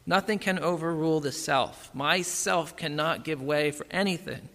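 A man's voice: on the high side, normal speed, bright, forceful tone. A man preaching a sermon in a conversational way, often checking in with "right?" and "okay". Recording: long hall reverb.

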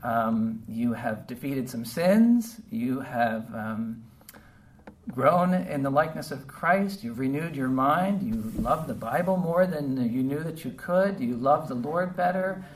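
Male pastor, heartfelt sermon, halting and conversational, recorded from a distance, faint background noise. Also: mid-range voice, animated. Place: church service.

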